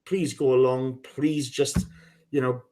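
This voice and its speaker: A man's voice: mid-range voice, little pitch movement, takes it slowly, darkish tone. A man hosting a live football podcast, teasing his co-hosts, swearing freely and reading out listener names. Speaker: podcast host. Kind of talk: casual live podcast chat.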